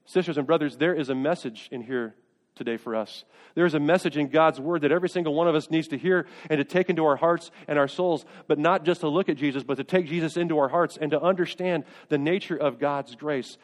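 A middle-aged man preaches in a somewhat high voice, earnest and insistent, circling back on his own phrases as he builds toward pleading. His words ring out with a long reverb through a church sanctuary. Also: brisk. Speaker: pastor. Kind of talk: sermon.

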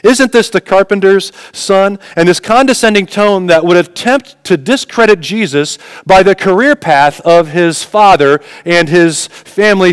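A man's voice: sits high, smooth, no room sound, big-room sound. A man preaching a sermon in a conversational way, telling personal stories and asking the congregation questions. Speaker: pastor.

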